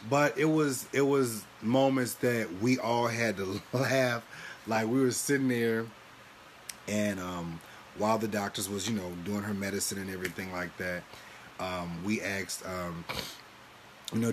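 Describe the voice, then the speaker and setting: Animated man preaching to live viewers. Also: on the low side, normal speed, slight background noise. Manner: animated, laughs often, calls listeners baby and honey. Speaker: livestream host and minister.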